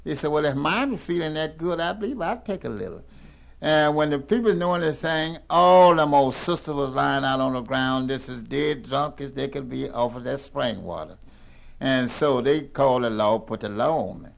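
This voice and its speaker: Older guy with a gravelly voice telling a funny story, folksy drawl, mid pitch. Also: moderate pace. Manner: folksy drawl, rambling and animated. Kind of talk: spoken tall tale.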